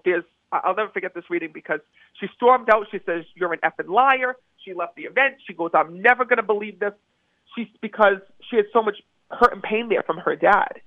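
A psychic medium calls in for an interview, his high voice coming through a tinny phone connection in a dry recording. He's eager in his storytelling and doubles up words for emphasis.

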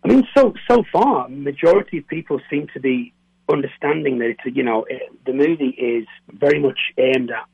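A man from near Newcastle with a softened northern English accent, a film director answering interview questions in a hesitant way, repeating words and laughing often. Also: medium pitch, expressive, a little fast, creaky, breathy edge, no room sound, highs cut off. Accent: northern English, softened toward standard. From northern England, near Newcastle. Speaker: film director and co-writer, guest.

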